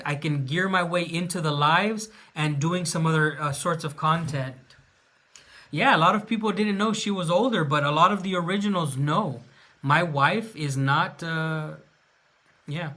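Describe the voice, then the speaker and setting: An American man chats his way through a live question-and-answer stream, loose and unscripted, often stopping on filler sounds. His voice sits slightly high and comes across bright and forward. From United States. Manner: casual, rambling, with frequent filler pauses. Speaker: livestream host. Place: indoors at home, late at night.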